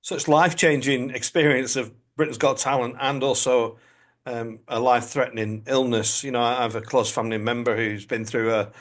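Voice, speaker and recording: Gentle man asking rambling questions. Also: mid-range voice, steady tone, moderate pace. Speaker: podcast host, priest. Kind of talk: interview questions.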